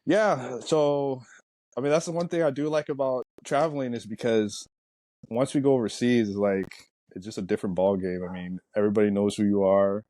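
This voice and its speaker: A man, a pro sprinter, chatting in an interview, telling stories in a relaxed, rambling way with lots of fillers. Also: mid-range voice, a little fast, dry recording. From United States. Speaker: Olympic sprinter guest. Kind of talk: casual interview talk.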